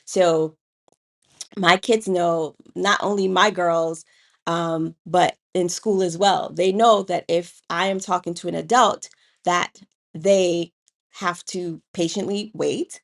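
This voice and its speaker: A woman with a lowish voice co-hosts a relaxed chat, telling stories from her classroom. She shifts from calm and measured to loud and animated when a point gets argued. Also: gravelly. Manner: storytelling, grows animated and loud when arguing. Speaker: co-host and educator. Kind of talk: casual podcast chat.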